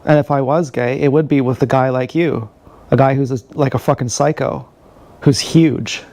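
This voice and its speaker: A man's voice: mid-range voice, fairly even intonation, normal speed, darkish tone, dry recording. A man in his thirties telling a rambling, profane, confessional story in a casual livestream monologue. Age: 30s. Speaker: streamer. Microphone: action camera.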